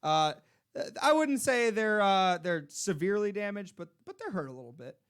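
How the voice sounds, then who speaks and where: A man's voice: sits high, expressive, normal speed, clear, resonant tone. A man running a tabletop game as game master, laughing often as he narrates. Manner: giggly, laughs often between lines.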